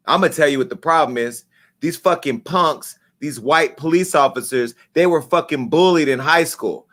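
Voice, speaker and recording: There's a fairly high pitch and fairly bright tone to this middle-aged man's voice, and he keeps a moderate pace. As host of a live show, he delivers an angry, emphatic, profanity-laced rant in an impassioned live-stream style.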